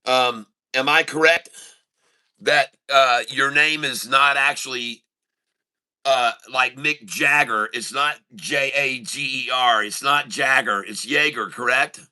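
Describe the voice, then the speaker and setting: A man's voice: medium pitch, takes it slowly, sharp tone, smooth. A middle-aged man hosting a day-trading livestream, chatting casually with viewers and telling a joke, rambling with lots of fillers. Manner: rambling, filler-heavy, answers chat mid-story. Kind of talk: casual live-stream chat and joke telling.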